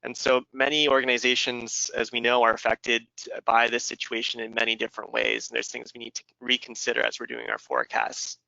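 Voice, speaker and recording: A man's voice: mid-range voice, a little fast, gravelly, few pauses, bright, forceful tone, dry recording. A man presenting a business webinar, explaining steadily and running audience polls over a computer mic. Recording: dull lo-fi webinar audio.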